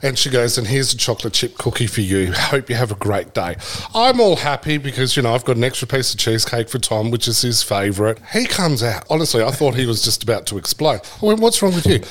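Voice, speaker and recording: A man with a mid-pitched voice recounting everyday stories. He is chatty and friendly. His delivery is relaxed and conversational. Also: fast. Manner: chatty anecdote teller with a friendly manner. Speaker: podcast co-host. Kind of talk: casual chat.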